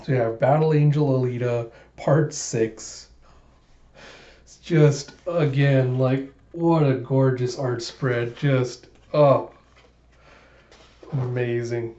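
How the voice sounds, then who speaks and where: A man's voice: medium pitch, steady tone, takes it slowly, dark tone. A man narrating a comic readthrough, retelling it casually with enthusiasm and emotion. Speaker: manga reader and vlogger. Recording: roomy, dull home recording.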